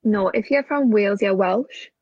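A woman's voice: mid-range voice, moderate pace, darkish tone, slightly rough, dry recording, dull audio. A woman from the Newcastle area with a Geordie accent, chatting casually, giggly and self-deprecating. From Newcastle area, England. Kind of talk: casual chat.

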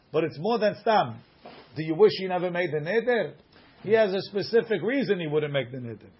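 A man teaching a Talmud class, reading passages aloud and quickly explaining them in English with everyday examples. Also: a little high, dull audio.

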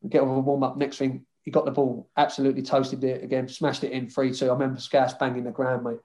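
A former footballer, a man with a medium-pitched voice, talks fast as a guest in a loose chat. He tells stories, swears freely, and keeps the banter lively.

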